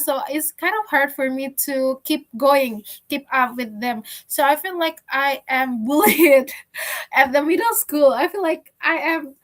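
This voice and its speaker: A young woman from Indonesia telling a personal story in a class discussion, speaking haltingly with frequent restarts. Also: high-pitched, a bit bright. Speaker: student.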